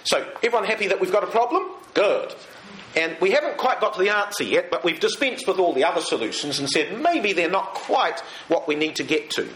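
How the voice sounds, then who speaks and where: A man giving a Bible study to a live group, speaking in an animated way and putting rhetorical questions to his listeners. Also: high voice, a little fast, slight background noise. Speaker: Bible teacher. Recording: echoey room, faint ambience.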